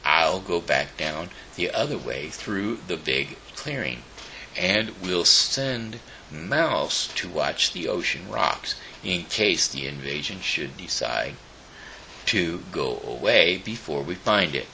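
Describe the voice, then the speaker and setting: A man's voice: deep voice, lively intonation, slow, creaky, pushed and bright, slight background noise, exaggerated voice. A man voicing a bossy, suspicious male boar in a storybook read-aloud, handing out orders.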